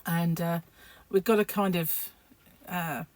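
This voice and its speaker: A woman's voice: fairly low pitch, steady tone, slow pace, a little mellow, no room sound. A sleep-deprived woman, rambling casually to camera in a home vlog, full of fillers and restarts. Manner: rambling, chatty, many fillers. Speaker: vlogger.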